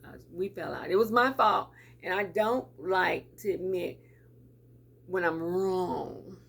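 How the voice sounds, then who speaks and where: Middle-aged woman vlogger, low gravelly voice, chatty and repetitive, laughs easily. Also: takes it slowly, fairly bright tone. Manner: chatty, repeats words, laughs often. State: teary. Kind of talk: casual talk to camera.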